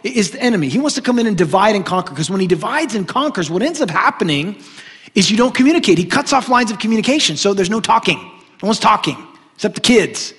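A man preaching a sermon, an animated and joking storyteller. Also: high-pitched, quick pace, slightly rough. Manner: animated, joking storyteller who often laughs. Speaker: pastor. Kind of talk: sermon with humorous stories. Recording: long hall reverb.

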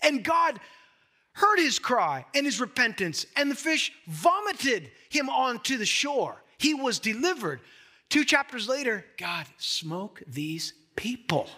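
A man's voice: very high-pitched, sing-song, measured pace, sharp tone. A man pastor delivering a sermon in an emphatic, conversational way, addressing the listeners with direct questions.

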